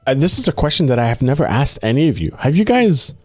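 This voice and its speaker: A man's voice: mid-range voice, sing-song, fast, no room sound, soft background music. Enthusiastic swearing male podcast host. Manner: enthusiastic, swears freely, many fillers. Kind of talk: casual podcast interview.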